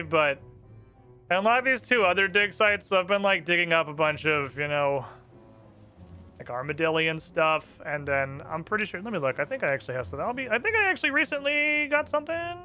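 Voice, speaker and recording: A male streamer with a high, bright voice chats over his game, his pitch swinging animatedly. Quiet game music plays underneath. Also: fairly quick, clear, resonant tone. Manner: chatty and animated, with fillers. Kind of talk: casual gameplay commentary.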